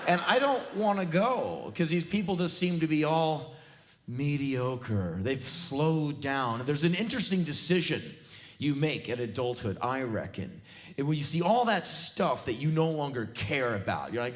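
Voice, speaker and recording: A man in his forties from the United States, performing a live spoken word comedy rant on a theater stage with intense, shouting bursts. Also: fairly high pitch, expressive, unhurried. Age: 40s.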